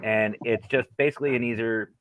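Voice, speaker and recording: A man's voice: mid-range voice, fairly even intonation, fairly quick, fairly bright tone, slight background noise, low-quality recording. A man who works as a paranormal investigator, talking in a straightforward, matter-of-fact way on a casual podcast.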